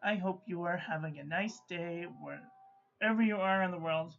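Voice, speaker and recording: A woman hosting a casual live-streamed ink review, chatting to viewers and often clearing her throat. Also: fairly low pitch, normal speed, highs cut off. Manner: chatty, frequent throat-clearing, drops to mutters.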